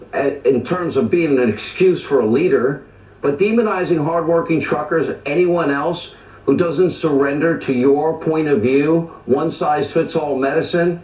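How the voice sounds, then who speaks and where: A man's voice: fairly high pitch, a little mellow, roomy sound, recorded from a distance, low-quality recording. A man delivering opinionated TV commentary as host, emphatic and stacking lists of charged phrases. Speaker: TV news commentator.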